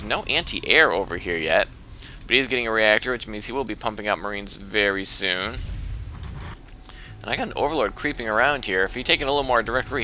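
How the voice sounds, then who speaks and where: A man casting his own strategy game match in excitable, chatty play-by-play that gets easily worked up. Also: fairly low pitch, a little hiss or hum. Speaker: game caster and player.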